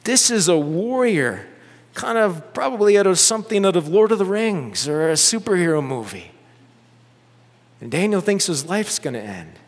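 A man preaching a sermon in a church, animated and conversational, with joking asides to the congregation. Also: high-pitched, normal speed. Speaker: pastor. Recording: long hall reverb.

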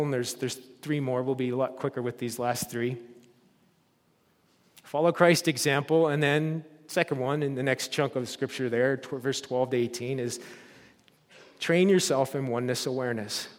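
A man preaching a sermon as a pastor, telling stories and rising to loud, emphatic peaks. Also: medium pitch, fairly even intonation, moderate pace, long reverb tail.

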